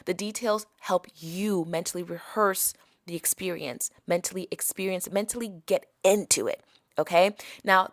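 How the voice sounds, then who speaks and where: This is a woman with an African accent coaching her podcast listeners through a practice. Her voice sits at a middle pitch and sounds dry and close, with no room around it. She coaxes and keeps checking in that her listeners are following. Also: dry recording. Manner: coaxing, keeps checking in with "okay?" and "right?". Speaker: podcast host. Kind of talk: motivational teaching talk.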